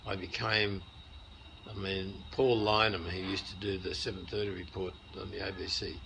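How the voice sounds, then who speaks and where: An older Australian man in an interview, telling stories in a relaxed, anecdotal way. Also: deep voice, normal speed, vocal fry, slight background noise, poor audio. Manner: anecdotal, many restarts and chuckles. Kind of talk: casual storytelling.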